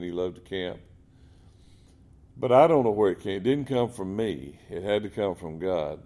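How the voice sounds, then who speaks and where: A man's voice: low voice, normal speed, mellow. A man telling faith stories in a folksy, earnest way. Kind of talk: casual Christian talk.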